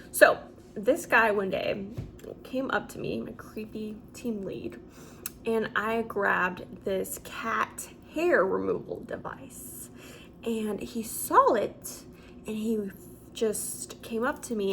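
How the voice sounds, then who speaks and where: Young woman, story-time vlog, casual and animated, filler words, faint hiss. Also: mid-range voice, creaky, low-quality recording. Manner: chatty and animated, with many fillers. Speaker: vlogger.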